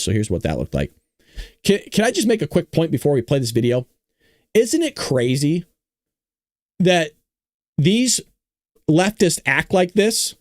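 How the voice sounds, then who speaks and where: A man's voice: a little high, no echo, clean studio sound. A man hosting a political commentary show, reading news aloud and reacting bluntly and indignantly while talking straight to his viewers. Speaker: show host.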